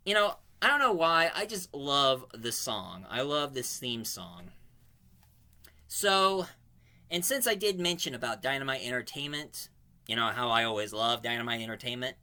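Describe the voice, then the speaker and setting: A man talks through a comic book review in a loose, casual way. His voice is bright and forward, and his pitch sits in the middle range. He drifts between points and keeps correcting himself mid-sentence. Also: very animated, normal speed.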